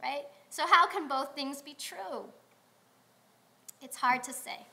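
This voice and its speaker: A woman rabbi delivering a sermon in a synagogue, telling stories in a conversational way with pauses. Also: sits high, creaky, pushed and bright. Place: synagogue sanctuary.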